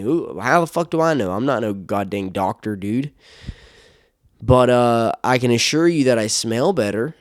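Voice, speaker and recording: A man's voice: mid-range voice, darkish tone, dry recording, studio quality. A man hosting a solo podcast, talking casually, often laughing and swearing as he rambles. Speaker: podcast host.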